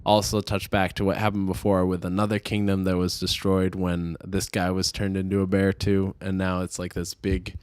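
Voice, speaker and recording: A man's voice: low-pitched, monotone, normal speed, few pauses, a little mellow, smooth, no echo. A young man co-hosting a podcast, chatting casually and rambling through a movie plot with plenty of fillers. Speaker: podcast co-host. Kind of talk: casual chat.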